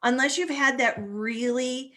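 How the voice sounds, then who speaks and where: A woman in her forties, a family stress coach, talking in an animated, conversational way as a guest speaker. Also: sits high, measured pace. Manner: animated, acts out little voices while explaining. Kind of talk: conversational talk.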